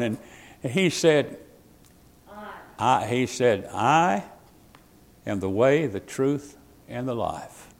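A male pastor delivers a folksy sermon, quoting old scripture and chuckling at his own jokes. His pitch swoops widely as he swings from loud, emphatic bursts to hushed, confiding asides. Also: animated, takes it slowly, creaky, long pauses.

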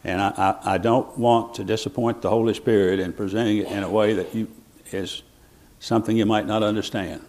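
A man's voice: lowish voice, moderate pace, darkish tone. A man preaching a sermon in an earnest, reflective way, with restarts and rising bursts of emphasis.

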